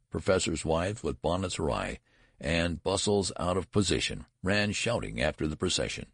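A man reading a story aloud as a narrator, in a measured and even manner. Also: a bass voice, husky, no room sound, studio quality. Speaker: audiobook narrator. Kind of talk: scripted narration.

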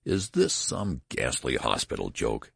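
A man voicing a horrified new father who bursts out in frantic, hoarse cries. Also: rumbling low, very animated, measured pace, no echo, clean studio sound, voice pushed down, exaggerated voice. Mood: outraged.

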